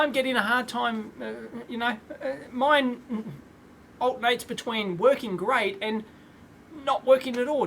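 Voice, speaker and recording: Man, thirties, live-stream host, casual and rambling, clears throat a lot, faint room noise behind. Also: very high-pitched, a bit bright. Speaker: electronics video host.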